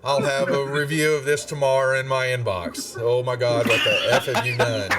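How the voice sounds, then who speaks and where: A man's voice: mid-range voice, steady tone, normal speed, recorded from a distance, over a noisy crowd. A man running a live tabletop game as game master, rambling with restarts and chuckles.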